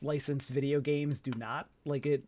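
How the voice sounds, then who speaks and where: A man's voice: medium pitch, flat delivery, moderate pace, darkish tone. A man co-hosting a casual movie podcast, wry and blunt, given to grumbling. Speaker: podcast co-host. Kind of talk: casual group chat about movies.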